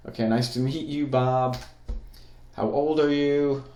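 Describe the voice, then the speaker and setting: A man's voice: mid-range voice, measured pace, echoey room. A man teaching a coding lesson, talking through each step while he types on a keyboard. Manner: relaxed, thinks aloud while typing. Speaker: programming teacher. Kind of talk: screen-recorded coding lesson.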